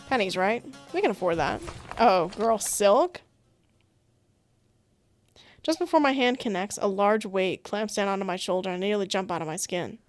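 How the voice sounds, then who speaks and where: A woman's voice: medium pitch, expressive, normal speed, faint music behind. A woman giving playful, giggly commentary while reading a dating-sim game aloud, with sarcastic asides. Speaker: gaming streamer. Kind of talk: casual let's-play commentary and reading aloud.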